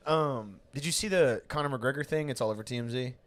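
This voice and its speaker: A man hosting a casual comedy podcast, telling rambling stories and laughing often. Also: mid-range voice. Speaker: podcast host.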